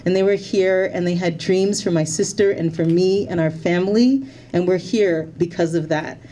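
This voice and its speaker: A woman's voice: on the low side, normal speed, mellow, a little hiss or hum. A Canadian-born woman speaking as a member of parliament, giving a heartfelt, slightly emotional thank-you speech to volunteers at an event. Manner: heartfelt, repeats her thanks, a little emotional.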